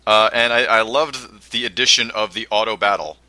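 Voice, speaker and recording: A man with a very bright, forceful voice talks games in a loose, casual chat. His pitch sits a little low, and he laughs easily and swears offhandedly. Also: steady tone, normal speed. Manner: laid-back, laughs often, swears casually.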